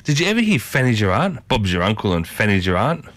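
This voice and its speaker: Lively Australian radio host, man. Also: lowish voice, quick pace, dry recording. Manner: chatty, playful, jumps around excitedly. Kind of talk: community radio morning show chat.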